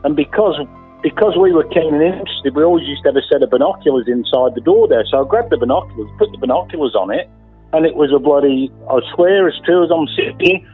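A man's voice: a little high, husky. An Australian man telling a story in a casual, emphatic way, swearing freely and repeating himself. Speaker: interviewee, landowner. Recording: tinny phone line with faint music.

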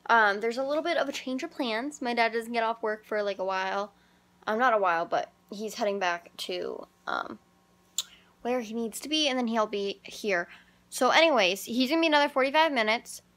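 A woman's voice: fairly high pitch, moderate pace, no room sound. A young Canadian woman vlogging in a casual, upbeat, chatty way, full of "like" and "super". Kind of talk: casual vlog chat. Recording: loud traffic noise behind. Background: car and street noise.

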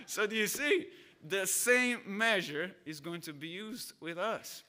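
Bright-voiced man preaching conversationally. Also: sits high, normal speed. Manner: conversational, storytelling with acted voices. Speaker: pastor. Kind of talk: sermon.

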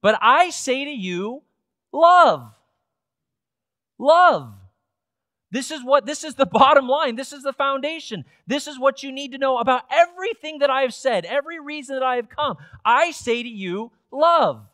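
A man's voice: very high-pitched, fairly quick, few pauses, pushed and bright, no room sound. A man preaching a sermon in a church, earnest and emphatic, often restarting phrases before building to strong peaks. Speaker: pastor. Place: church sanctuary.

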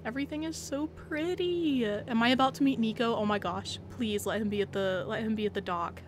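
Gushing, excitable young woman streamer. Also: a little high, fairly quick, slight background noise. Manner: gushing, excitable, squealing with delight. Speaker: game streamer. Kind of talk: live gameplay stream chat.

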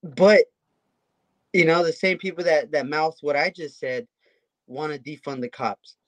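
A man's voice: a little high, a little slow, no room sound. Man co-hosting, asking rhetorical questions. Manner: animated, asks rhetorical questions. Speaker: podcast co-host. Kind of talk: casual conversation.

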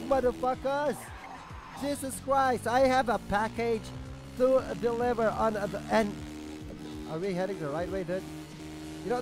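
A man giving casual gameplay commentary, excitable and profane, shouting and cheering at the game as he plays. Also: high voice. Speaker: gaming YouTuber. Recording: game music playing underneath.

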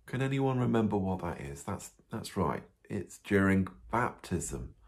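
Priest telling kids a bible story, low voice that swoops up and down, lots of ums. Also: male voice, a little slow. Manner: animated, asks the children questions, frequent ums. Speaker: parish priest.

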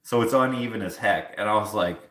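While doing dishes in his kitchen at home, a live streamer from Canada shares laid-back stories, playing the characters in them with animation. He has a fairly low voice, talks a little fast, and the audio sounds roomy.

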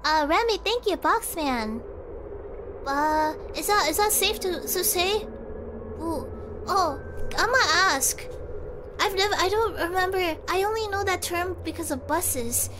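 A woman's voice: very high-pitched, animated, a little slow, background noise. A young woman streaming, chatting casually and rambling, giggling often and talking to her chat.

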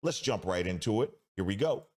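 A man hosting a reaction commentary show, talking emphatically and reacting with drawn-out exclamations. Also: lowish voice, animated, darkish tone. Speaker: host.

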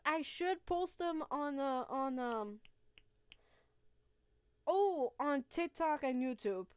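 A woman's voice: high-pitched, slow pace, darkish tone, dry recording, clean studio sound. A woman streaming a video game live, reacting aloud to the play and chatting with her viewers. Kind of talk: live gaming stream chat.

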